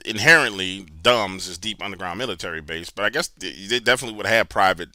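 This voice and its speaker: Hosting a call-in show, a man with a New Orleans accent chats casually and swings between loud bursts and low mutters. He talks fast, and there's no room sound.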